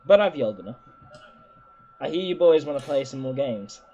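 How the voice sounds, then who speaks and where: A man co-hosts a gaming podcast in casual, opinionated chat, swearing freely. His pitch swings widely as he makes his points. The recording sounds muffled and lo-fi. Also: animated, fairly quick, mellow, slightly rough. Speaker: podcast co-host.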